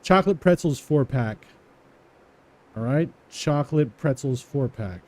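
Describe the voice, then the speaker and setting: Slow, mellow-voiced man typing code aloud. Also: mid-range voice, lively intonation. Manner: talks to himself, repeats words slowly while typing, chuckles at prices. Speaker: coding tutorial presenter. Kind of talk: casual live coding walkthrough.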